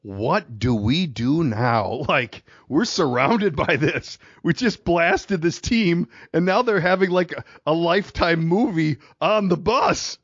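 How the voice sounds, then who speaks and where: A man's voice: high voice, animated, a little slow, hardly any pauses, a bit bright, no echo, highs cut off. Middle-aged man telling a rambling story. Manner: rambling, laughs through his stories. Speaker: podcast co-host. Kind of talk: casual storytelling chat.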